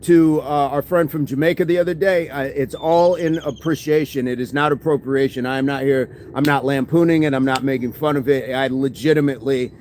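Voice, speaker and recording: A man's voice: mid-range voice, steady tone, a little fast, few pauses, darkish tone, a little hiss or hum. A man hosting a fitness livestream, chatting casually and answering viewer comments, often agreeing with "absolutely".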